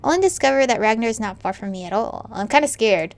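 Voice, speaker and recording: A young woman reading a visual novel aloud and reacting with loud, animated outbursts between the narration. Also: fairly high pitch, fast talker. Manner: expressive, jumps to loud excited reactions. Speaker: gamer. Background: faint game music.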